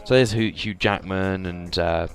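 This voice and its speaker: A man's voice: deep voice, unhurried, soft background music. A young man from England with an English accent, narrating his trip photos in a chatty, hesitant voice-over full of fillers. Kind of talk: casual voice-over commentary.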